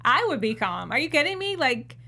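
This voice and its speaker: A woman co-hosting a TV recap show in casual chat, animated and acting out what she would say. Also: high-pitched, fairly quick, creaky. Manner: animated, acts out what she'd say. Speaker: co-host.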